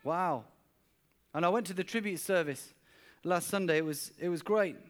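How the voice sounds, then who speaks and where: A man's voice: sits high, normal speed. A man. He tells stories earnestly, often repeating a word before pressing on. This is a church sermon. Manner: earnest storyteller, often repeats words while speaking. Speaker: pastor. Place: church service.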